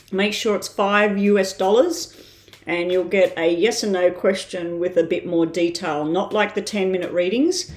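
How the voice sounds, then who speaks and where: A woman giving a live-stream tarot reading in a casual way, thinking aloud with frequent ums and pauses. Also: medium pitch. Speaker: tarot reader. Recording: roomy echo.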